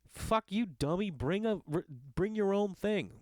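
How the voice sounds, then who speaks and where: A middle-aged man ranting in a casual monologue, swearing often and jumping between loud outbursts and muttered asides. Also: on the high side, a little fast, no echo, clean studio sound. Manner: ranting, profane, animated. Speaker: podcast host. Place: Los Angeles.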